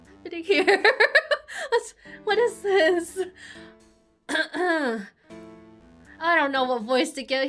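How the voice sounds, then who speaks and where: A giggly woman reacting to a video game as she plays. Her voice is high and bright, with unhurried, animated delivery. Faint music plays behind. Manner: giggly, excitable. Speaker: let's play host. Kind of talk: game playthrough commentary.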